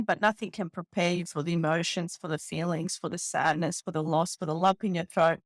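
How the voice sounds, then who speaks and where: A woman's voice: lowish voice, fairly even intonation, moderate pace, hardly any pauses, no echo. A woman from the Balkans in her thirties, a podcast host speaking candidly and from the heart in a personal monologue, with lots of "you know". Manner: heartfelt, candid, many fillers.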